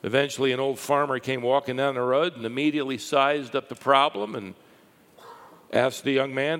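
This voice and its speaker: A man preaching a sermon, telling stories with lively rises and a hushed drop for the quiet parts. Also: medium pitch, moderate pace. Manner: lively storytelling, dropping to a hush for quiet lines. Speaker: pastor. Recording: long hall reverb.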